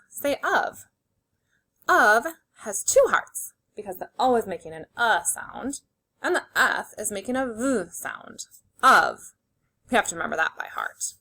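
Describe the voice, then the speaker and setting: A woman teacher leading a phonics lesson for young children, slowly sounding out words and giving simple, encouraging instructions. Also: fairly high pitch, a bit bright. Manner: slow, clearly segmented sounding-out of words.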